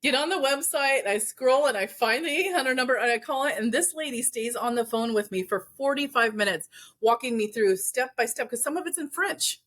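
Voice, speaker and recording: A woman's voice: fairly high pitch, expressive, brisk, fairly bright tone. A woman in her forties, a business owner, telling a story in a casual interview, earnest and full of faith, with plenty of fillers. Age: 40s. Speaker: entrepreneur guest.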